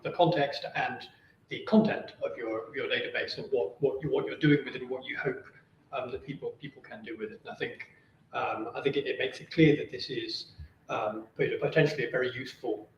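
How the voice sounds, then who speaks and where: Over a video call, a man with a medium-pitched voice chairs an academic seminar and asks questions, speaking haltingly with lots of fillers and repeated words. The recording is distant, roomy, dull and lo-fi, with faint noise.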